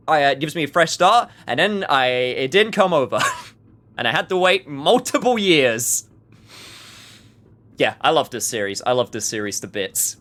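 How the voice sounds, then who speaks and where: A man's voice: on the high side, a bit bright. Joking man commenting on gameplay. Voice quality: chatty, joking, reacts aloud and reads dialogue.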